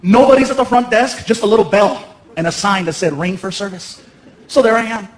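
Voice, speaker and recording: A man in his thirties doing stand-up comedy in a large theater on a handheld mic, playful and animated, often laughing. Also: high voice, quick pace, a little hiss or hum. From United States. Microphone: handheld stage mic. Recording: roomy theater with loud crowd. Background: loud laughing audience.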